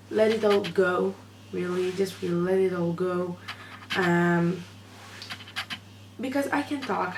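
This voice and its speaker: A woman's voice: lowish voice, gravelly, a little mellow. A woman who is not a native English speaker, talking in an emotional, hesitant vlog from her room at night, full of fillers and restarts. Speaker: fan vlogger. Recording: echoey room, noisy background.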